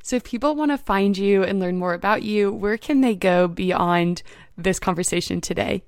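A young woman hosting a faith podcast, soft-spoken and gently affirming her guest. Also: mid-range voice, moderate pace, no echo, studio quality. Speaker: podcast host. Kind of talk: faith-based interview conversation.

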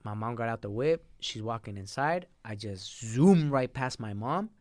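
A man's voice: mid-range voice, expressive, normal speed, a little mellow, no echo, clean studio sound. A young man speaking as a podcast guest, telling a personal story in a blunt, heavily profane and emotional way. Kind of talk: casual storytelling interview.

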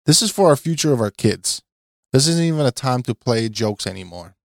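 A man's voice: medium pitch, expressive, a little fast, gravelly, dry recording, clean studio sound. A man who is a guest on a podcast, talking in an impassioned, urgent way and often repeating "listen" to rally his listeners. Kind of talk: casual podcast chat.

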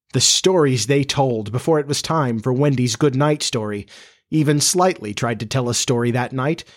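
A man hosting a podcast, reading a children's story aloud in a measured, gentle way. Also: mid-range voice. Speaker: podcast host and narrator.

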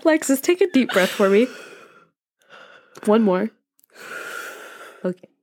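Lively high-voiced young woman co-host. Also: unhurried. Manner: lively reactions, playful. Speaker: podcast co-host. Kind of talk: casual podcast chat.

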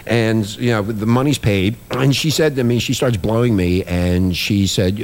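A man's voice: fairly low pitch, normal speed, hardly any pauses. A man hosting a talk show, telling a crude story in a rambling, profane way that repeats itself. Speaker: podcast host.

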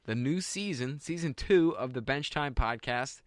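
A man's voice: mid-range voice, lively intonation, measured pace, no room sound, studio quality. A man hosting a casual podcast, joking around and upbeat. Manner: jokey and upbeat. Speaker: podcast host.

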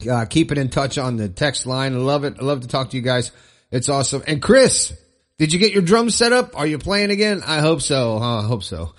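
A man's voice: mid-range voice, animated, a little fast. A middle-aged man hosting a solo motivational podcast, upbeat and rambling, often repeating phrases for emphasis. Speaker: podcast host. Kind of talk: solo motivational talk show.

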